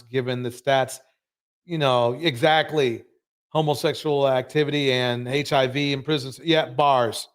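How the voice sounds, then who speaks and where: A man's voice: mid-range voice, smooth. A man hosting a live show, commenting emphatically and ranting about what he has just watched. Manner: emphatic, ranting, repeats himself.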